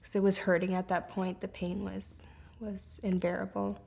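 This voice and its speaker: A woman who survived an attack, telling it haltingly with many fillers in an interview. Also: medium pitch, little pitch movement, gravelly, darkish tone. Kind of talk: personal testimony in an interview.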